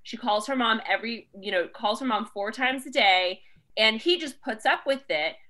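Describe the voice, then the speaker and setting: A woman hosting a podcast in casual chat, reading out listener questions and weighing in with strong opinions. Her voice is bright and swings widely in pitch, and she laughs often as she talks. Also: expressive, normal speed. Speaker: podcast host.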